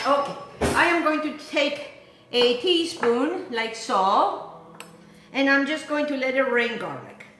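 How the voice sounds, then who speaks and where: A woman's voice: high voice, a bit bright, roomy sound, a little hiss or hum. An Italian-accented woman hosting a home cooking show, chatty and playful, talking to viewers as she cooks. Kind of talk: casual cooking demonstration. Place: home kitchen.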